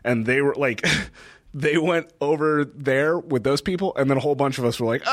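This young man, a podcast co-host living in a northeastern US city, speaks at a moderate pace in a mid-range voice. He's an animated storyteller in casual chat, laughing often and acting out quotes. The recording is dry, with clean studio sound.

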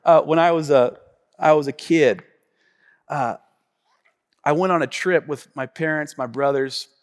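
A man preaching a sermon as a pastor, telling a story with animated energy and calling out to his congregation. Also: a little high, a little slow. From Tacoma, Washington. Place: church sanctuary. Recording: long reverb of a church hall.

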